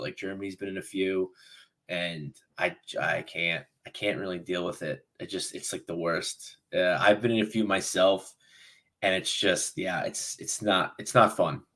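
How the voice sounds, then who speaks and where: A young man chats casually on a fan podcast, telling a story with lots of restarts and animated bursts. His voice sits a little low in pitch. It has a bright, forward edge. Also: moderate pace. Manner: rambling, restarts often, animated retelling. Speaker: podcast co-host. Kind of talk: casual chat.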